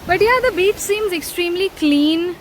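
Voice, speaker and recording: A woman vlogging her travels in a relaxed, casual way, with lots of fillers and pauses as she shows a hostel room and a beach. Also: very high voice, a little hiss or hum, poor audio. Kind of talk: casual travel vlog narration. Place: hostel room and outdoors on an island.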